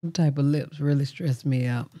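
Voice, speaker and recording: A woman's voice: extremely low pitch, normal speed, warm tone. A woman co-hosting casual chat, joking and giggling. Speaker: co-host.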